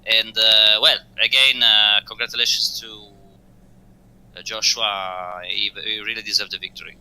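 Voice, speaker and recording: Bright, crisp man. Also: on the low side, flat delivery, low-quality recording. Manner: halting, searching for English words with many fillers. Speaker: race driver guest. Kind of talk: post-race interview over voice chat.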